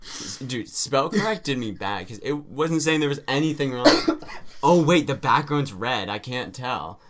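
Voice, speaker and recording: A man's voice: medium pitch, lively intonation, measured pace, very noisy. A man co-hosting a casual podcast chat, joking and giggly, with rambling restarts. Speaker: podcast co-host.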